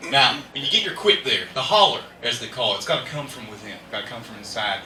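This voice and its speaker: A man's voice: mid-range voice, animated, fast, bright, forceful tone. A man doing a stand-up comedy set, rambling and laughing at his own jokes, recorded live at an indoor show. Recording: echoey room, distant mic, faint hiss.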